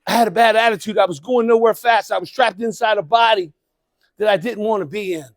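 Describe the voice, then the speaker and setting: Keynote speaker, middle-aged man, high voice, dry close sound, calls out and shouts to the room. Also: fairly quick, no echo. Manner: animated, calls out to the crowd, bursts into shouting. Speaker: motivational speaker. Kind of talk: live keynote speech to an audience. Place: conference event room.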